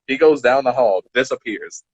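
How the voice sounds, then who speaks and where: A man in his twenties co-hosting a podcast, telling stories in a casual, animated way and acting out the dialogue. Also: medium pitch, moderate pace, slightly rough, dry recording, low-quality recording. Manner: animated, acts out dialogue, laughs between lines. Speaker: podcast co-host. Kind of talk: casual storytelling chat.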